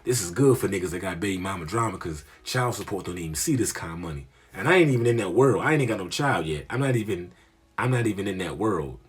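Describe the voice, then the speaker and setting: Husky profane storytelling man. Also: low-pitched, lively intonation, fast. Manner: profane, slang-heavy, rambling. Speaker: comedian. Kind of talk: casual storytelling monologue.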